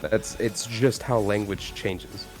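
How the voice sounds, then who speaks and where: A man chatting on a live stream, ranting in a profane, animated way full of restarts and swearing. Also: on the low side, slow pace, soft background music. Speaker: streamer co-host. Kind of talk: casual live-stream chat.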